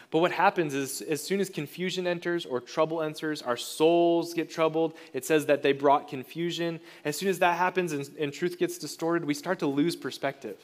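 A male pastor delivers a sermon in a fairly high voice. He talks in an earnest, conversational way and often restarts his phrases mid-thought.

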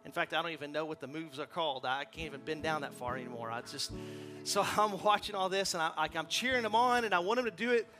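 A man's voice: on the high side, quick pace, over music. A man in his forties, a guest pastor preaching a sermon with impassioned peaks and stammered repeats.

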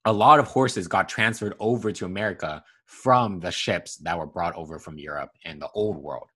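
A man's voice: low-pitched, moderate pace, fairly bright tone, breathy edge. A man hosting a casual podcast, explaining history and teasing his co-host. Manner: explanatory, teasing, laughs easily. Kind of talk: casual educational podcast chat.

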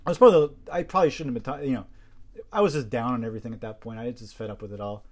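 A man hosting a podcast, telling stories in a rambling, animated way, repeating himself and clearing his throat often through a hoarse voice. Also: mid-range voice, very fast. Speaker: podcast host. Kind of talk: casual storytelling monologue.

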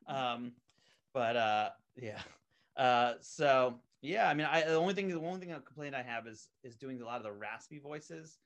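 A man's voice: medium pitch, animated, normal speed, a bit bright. Rambling, filler-heavy male voice actor. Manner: rambling, many fillers and restarts; eager, enthusiastic. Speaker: voice actor on an animated web series, interview guest. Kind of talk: casual interview talk.

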